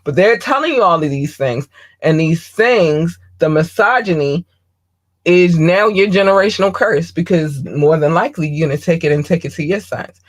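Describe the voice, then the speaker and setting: A podcast host, a woman pitched fairly low, gives an unfiltered, casual monologue. She drops swear words freely, and ums punctuate her frequent pauses.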